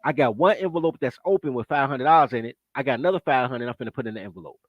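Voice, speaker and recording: A man telling a long personal story in casual podcast chat, animated and profane, acting out the people he quotes. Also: medium pitch, rapid-fire, no echo, muffled recording.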